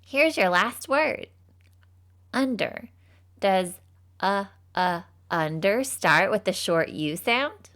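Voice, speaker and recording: A young woman voicing a cheerful, folksy teacher character, leading a scripted phonics lesson for children slowly and patiently. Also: medium pitch, animated, fairly bright tone. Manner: slow, patient, encouraging.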